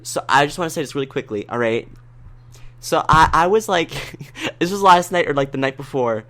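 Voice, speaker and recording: Man, podcast co-host, casual chat, excitable, loud rants, slightly high voice. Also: brisk. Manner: excitable, swings into loud high-pitched ranting.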